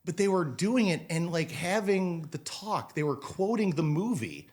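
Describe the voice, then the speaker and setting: Animated man telling work stories. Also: high-pitched, normal speed. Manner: animated storyteller, acts out quotes, swears casually. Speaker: restaurant manager, podcast guest. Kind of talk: casual interview storytelling.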